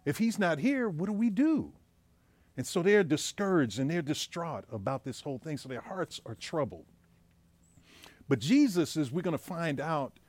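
A man's voice: mid-range voice, a little mellow, no echo. A man preaching as a pastor, telling a joke story in a casual storytelling way before moving into the sermon. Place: church.

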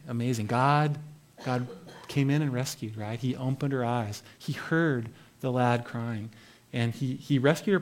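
Male Bible teacher, mid-pitch, casual devotional tone, reads and comments conversationally. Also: a little mellow. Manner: conversational, reads scripture then comments with asides.

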